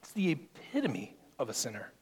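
A man's voice: a little high, expressive, moderate pace. Man preaching in a reverberant hall. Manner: expository preaching, quoting scripture and acting out Paul's voice. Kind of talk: sermon. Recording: long reverb in a large hall.

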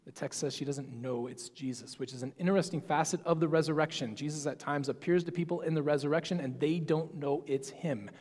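A man's voice: fairly high pitch, fairly quick, few pauses, darkish tone, breathy edge, long reverb tail. Man preaching a conversational sermon. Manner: conversational, explanatory, musing aloud. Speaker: pastor.

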